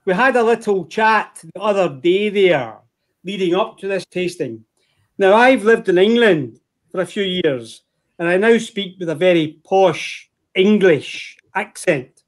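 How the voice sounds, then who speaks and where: Glaswegian male host, higher register, friendly and jokey with the audience. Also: animated, measured pace. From Scotland. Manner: chatty, jokey, addresses the audience as folks. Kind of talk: hosting an online whisky tasting.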